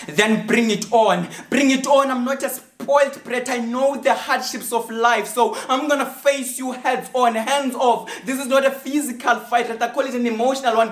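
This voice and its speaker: A woman performing spoken word poetry in a defiant, declamatory way. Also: a little high. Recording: echoey room.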